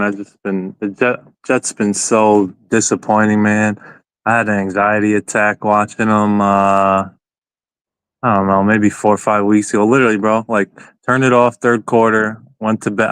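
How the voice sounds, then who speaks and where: A man's voice: lowish voice, a bit bright, clear, resonant tone, no echo. Loose, profane male caller. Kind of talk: casual call-in chat.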